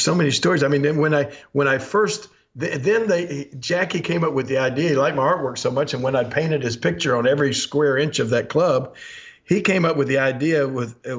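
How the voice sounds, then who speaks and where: A man in his sixties with a Southern American accent, hosting a podcast and telling stories with frequent chuckles and acted-out quotes. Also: medium pitch. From Memphis, USA. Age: 60s. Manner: chuckles often, animated, acts out quotes. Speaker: podcast host. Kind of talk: anecdotal storytelling. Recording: dull lo-fi podcast audio.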